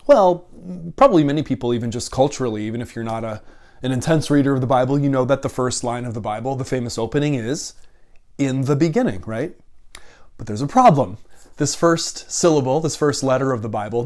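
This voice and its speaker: A man's voice: mid-range voice, expressive, a little fast, darkish tone. A seminary professor giving a video lecture, explaining carefully and earnestly, often correcting and restating himself as he goes.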